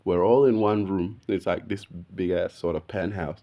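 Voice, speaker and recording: A man, telling a story in a casual, slangy, animated way, saying "bro" all the time. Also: sits low, normal speed, lo-fi sound. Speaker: video podcast host.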